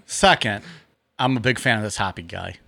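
A man's voice: on the low side, moderate pace, vocal fry, pushed and bright, no echo. A man co-hosting a podcast, joking and teasing the others. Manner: joking, teasing, laughs often. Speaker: podcast co-host. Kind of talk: casual chat.

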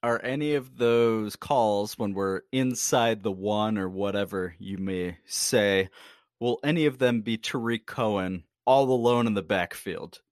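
A man's voice: fairly low pitch, measured pace, no echo, studio quality. A man co-hosting a podcast, chatting casually about sports in a blunt, emphatic, teasing way. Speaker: podcast co-host.

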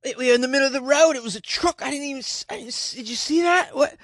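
A man voicing a chatty Jamaican woman who is dazed after a crash, in a high sing-song put-on accent. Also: fast, a bit bright, no echo, studio quality. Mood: panicked.

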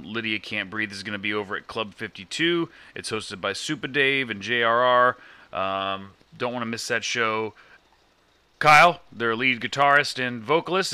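A man's voice: on the low side, bright, forceful tone, smooth, no echo. A man co-hosting a podcast, chatting casually and reading plugs with lots of fillers and jokes. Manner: rambling, many fillers, jokey. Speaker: podcast co-host.

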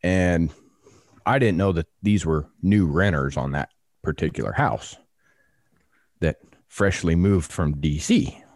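Male podcast co-host, low voice, dry mic, animated storyteller who acts out the voices. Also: slow pace, pauses often, no room sound. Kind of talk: casual storytelling.

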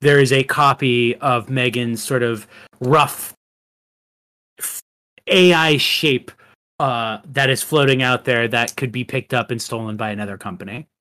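A man's voice: medium pitch, fairly even intonation, measured pace, sharp tone. A man co-hosting a podcast, chatting casually about a film in a rambling way with many fillers. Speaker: podcast co-host. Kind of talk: casual chat.

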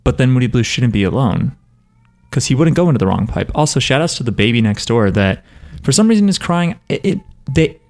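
A young man co-hosting a podcast in casual chat, laid-back and rambling, quick to joke, recorded in an apartment room. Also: medium pitch, sing-song. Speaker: podcast co-host.

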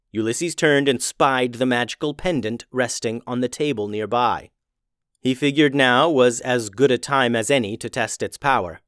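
A man narrating a fantasy story in an expressive storytelling voice. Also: medium pitch, dry recording, studio quality.

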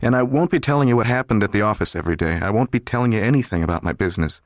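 A man plays a chilly, self-possessed young character in an audio drama, his low voice even, hushed and aloof yet lively in intonation, with a cold, serious mood. The natural-sounding voice is captured up close in a dry recording without any room ambience.

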